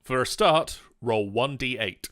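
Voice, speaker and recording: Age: adult. Sex: man. Role: game master. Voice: bright, mid pitch. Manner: patient, methodical explanations for a new player. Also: expressive, measured pace. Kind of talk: explaining rules and reading chat on a live tabletop stream.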